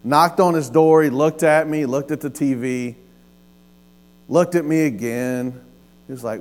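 A man, preaching a sermon and telling a personal story with lively, acted-out dialogue. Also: mid-range voice, measured pace. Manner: storytelling, animated with laughs and acted-out quotes. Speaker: pastor.

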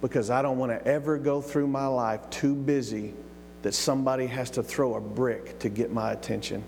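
A man playing a humbled young executive who speaks slowly, low and solemn. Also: steady tone, creaky, a little mellow, a little hiss or hum, natural voice. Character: humbled young male executive, quietly reflective. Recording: long reverb of a large hall.

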